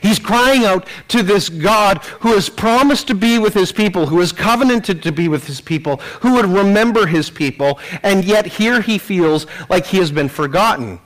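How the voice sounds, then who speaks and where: A man's voice: sits high, expressive, normal speed, hardly any pauses, fairly bright tone, poor audio. A man preaching a sermon, earnest, voicing the psalmist's cry with rising intensity, with some restarts. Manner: occasional restarts and throat clearing. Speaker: pastor.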